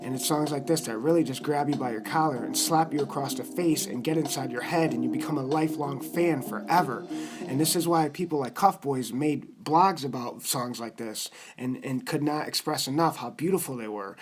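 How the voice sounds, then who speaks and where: A man's voice: mid-range voice, a little fast, breathy edge, rough recording. A man giving passionate, profane commentary on a rapper's music, rambling with many fillers. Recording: loud music under the voice.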